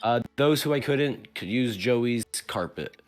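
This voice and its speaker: A man player in an online tabletop game, pitching bold, reckless plans in casual chat. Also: expressive, unhurried, soft background music.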